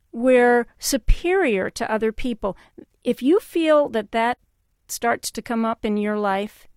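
Woman, call-in radio host, calm, reflective, dry close studio mic. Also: on the high side, dry recording.

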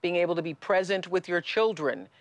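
A middle-aged woman hosting a studio talk show, telling stories in a lively way with frequent restarts. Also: on the low side, fairly quick, no echo. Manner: lively and storytelling, with many restarts and laughs. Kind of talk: studio conversation with a guest. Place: television studio.

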